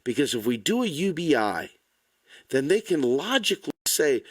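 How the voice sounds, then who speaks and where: A man delivers a furious political rant, swearing freely and talking bluntly. His voice sits a little high for a man. The sound is dry and close, with no room echo. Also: big pitch swings, normal speed. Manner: angry, blunt, profane. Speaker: political commentator. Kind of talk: impassioned rant to camera.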